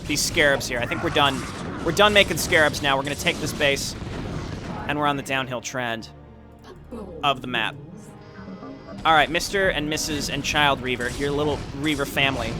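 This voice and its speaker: A young man talks casually as he plays, his voice sitting a little high. He wanders through long anecdotes, restarting sentences and poking fun at himself, while clear game music plays underneath. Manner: rambling, self-deprecating storytelling with frequent restarts. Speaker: gaming YouTuber. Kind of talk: casual let's-play commentary.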